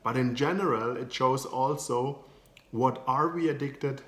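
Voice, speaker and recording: Slow man with a German accent. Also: medium pitch, a bit bright. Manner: hesitant, many filler sounds, non-native phrasing. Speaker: coach. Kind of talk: educational video talk. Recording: echoey room.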